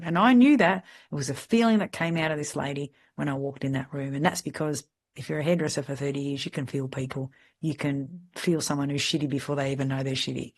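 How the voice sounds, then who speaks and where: A middle-aged woman with an Australian accent, a podcast host telling candid, lively stories in casual chat. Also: very deep voice, slightly rough. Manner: lively, candid anecdotal storyteller. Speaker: podcast host, salon mentor.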